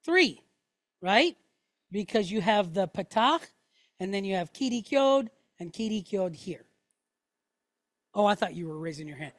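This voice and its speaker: Middle-aged woman as a patient classroom teacher, close dry sound, mid pitch, keeps checking the class understands. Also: sing-song, unhurried, pauses often, no echo. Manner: patient, checks in with "okay?" after each point. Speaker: Hebrew teacher. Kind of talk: classroom lesson.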